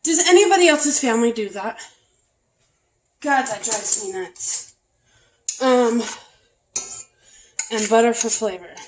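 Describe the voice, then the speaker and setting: A woman's voice: a little high, slow, long pauses. A woman chatting casually while she cooks dinner in her home kitchen, a bit out of breath. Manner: chatty, talks while cooking, uses "y'all". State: out of breath from back pain. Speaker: cooking vlogger. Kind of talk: casual cooking vlog narration. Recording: echoey kitchen with frying noise. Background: frying and sizzling.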